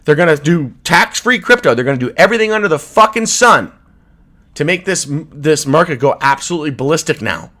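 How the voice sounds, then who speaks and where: A man hosting a crypto livestream who rants angrily and swears, with outbursts that drop into low mutters. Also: lively intonation, brisk. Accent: Canadian English. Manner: furious, profane, swinging from shouting to low mutters. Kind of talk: angry livestream rant.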